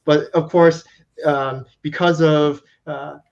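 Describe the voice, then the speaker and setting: A man's voice: fairly high pitch, steady tone, slow pace, highs cut off. A man telling a travel anecdote in a casual chat, hesitant with many fillers. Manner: hesitant, lots of uhs and ums. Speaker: panelist. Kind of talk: casual storytelling.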